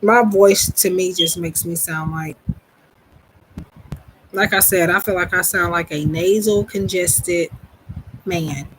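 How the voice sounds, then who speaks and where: A woman's voice: on the low side, steady tone, slow pace, long pauses, a little hiss or hum, low-quality recording. Chatty Southern woman on a live stream. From Southern United States. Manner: rambling, chatty, self-deprecating, with many restarts. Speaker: psychic reader hosting a live stream. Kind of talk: casual live-stream chat.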